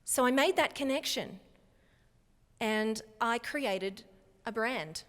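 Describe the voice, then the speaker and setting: An Australian woman telling stories in a live keynote speech, animated and acting out quoted voices. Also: on the high side, slow. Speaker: keynote speaker. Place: conference hall. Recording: long reverb of a conference hall.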